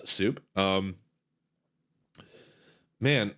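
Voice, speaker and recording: A young male streamer giving casual commentary on his first playthrough in a sleepy, relaxed, rambling way, full of fillers. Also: medium pitch, slow pace, long pauses. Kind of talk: casual let's-play commentary.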